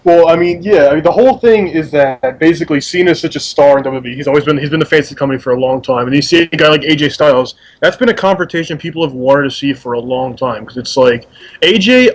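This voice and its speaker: A man co-hosting a casual podcast, talking with quick, rambling enthusiasm. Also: a little high, poor audio. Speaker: podcast co-host. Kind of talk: casual wrestling review chat.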